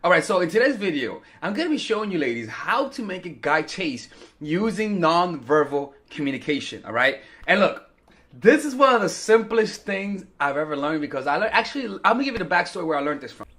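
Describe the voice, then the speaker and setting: Animated young man giving dating advice. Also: sits high, brisk. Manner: animated storyteller, swears, acts out quotes. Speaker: dating coach. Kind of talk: casual talking-to-camera advice.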